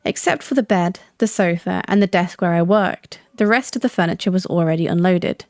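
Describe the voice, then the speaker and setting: A young woman reading a visual novel aloud, calm and steady, with self-deprecating asides. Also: lowish voice, a little fast, dry recording, studio quality.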